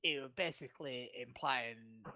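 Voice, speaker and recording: A man's voice: medium pitch, normal speed, sharp tone. A man co-hosting a podcast in casual chat, blunt and swearing freely.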